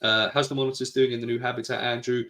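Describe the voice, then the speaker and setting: A man's voice: mid-range voice, little pitch movement, fast talker, pushed and bright, echoey room. A man with a British accent co-hosting a podcast, reading out chat messages and teasing his co-host. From Britain. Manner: teasing, argumentative, laughs often. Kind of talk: casual chat reading live chat.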